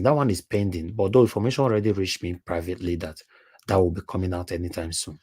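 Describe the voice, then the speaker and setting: A man's voice: low voice, expressive, brisk, dark tone, husky, no room sound. A Nigerian man with a Nigerian accent, hosting a livestream and speaking emphatically, repeating words and slipping into Pidgin. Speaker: live stream host and panelist. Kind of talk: heated livestream monologue.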